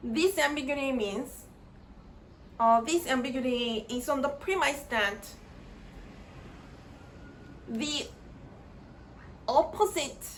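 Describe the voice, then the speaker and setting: Slow, deliberate high-voiced woman lecturing. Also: slight background noise, poor audio. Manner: halting, repeats words while searching for phrasing. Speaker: grammar lecturer.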